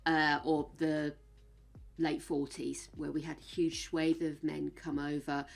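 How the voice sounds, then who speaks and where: A woman's voice: low voice, little pitch movement, a little slow, gravelly, soft background music. An English woman streaming a game, chatting in a rambling way, laughing often and sometimes dropping to a whisper. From England. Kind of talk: casual chat while gaming.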